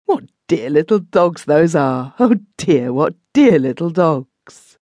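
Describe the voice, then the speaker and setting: A woman voicing a mumbling shabby old London man, drawn-out and slow, in an audiobook reading. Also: low-pitched, very animated, warm tone, dry recording, muffled recording, full character voice. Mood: muttering.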